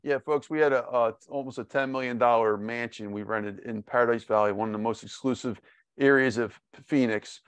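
A man's voice: medium pitch, fairly even intonation, fairly quick, smooth, no room sound. A man hosting a podcast interview, talking in a chatty, upbeat way with many fillers and restarts. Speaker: podcast host. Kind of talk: casual interview.

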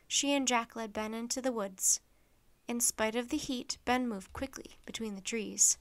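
A woman narrating a children's storybook, reading aloud in a clear, steady manner. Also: on the high side, moderate pace.

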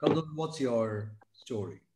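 A man hosting, softly introducing the next speaker. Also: mid-range voice, expressive, measured pace, reverberant, background noise. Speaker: host coach.

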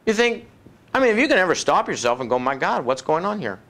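A man preaching a sermon in a folksy, conversational way, acting out other people's voices and dropping low and soft for effect. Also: big pitch swings, fast talker. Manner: acts out voices of demons and doubters, drops low and soft for effect.

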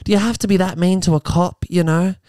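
A man hosts a comedy podcast, riffing sarcastically on a news story and slipping into quick mock voices. His voice sits a touch high and sounds smooth and resonant. He is recorded close on a dry mic. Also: fairly even intonation, warm tone, no echo. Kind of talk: comedic commentary on a news article.

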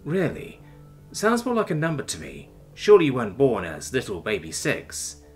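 A man voicing a calm, patient male interrogator who questions mildly and evenly. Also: mid-range voice, moderate pace, soft background music. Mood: calm probing. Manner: mild, even, coaxing questioning.

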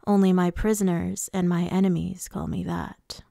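A woman reading a cold High Lord. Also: fairly even intonation, normal speed, vocal fry, dark tone, no room sound, clean studio sound. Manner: low, cold, clipped.

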